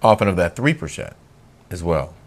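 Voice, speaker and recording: A man's voice: low voice, sing-song, moderate pace. A man hosting a casual talk show, recapping episodes and teasing his co-host, laughing easily. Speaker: podcast host. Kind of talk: casual chat.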